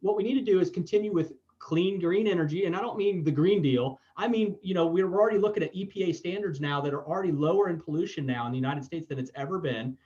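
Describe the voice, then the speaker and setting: A man's voice: sits high, fast talker, few pauses, dark tone. A man in his forties from Florida, hosting a podcast and talking bluntly and emphatically, swearing freely. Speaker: podcast host. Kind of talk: casual political chat. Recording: dull lo-fi sound.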